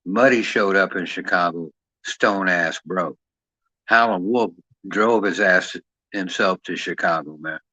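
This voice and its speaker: A man talks casually and profanely at length, rambling on and ending his sentences with "man." His voice sits low, unhurried, pushed and bright, captured in a dull, dry lo-fi recording with no room sound.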